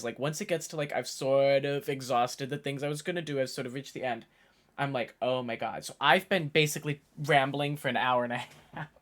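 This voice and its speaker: A man's voice: a little high, a bit bright. Young man, 24, casual stream chatter, rambly, tired worn-out voice, desk mic. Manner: rambling, chatty, thinks aloud. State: tired, voice worn from hours of talking. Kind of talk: casual live-stream chat.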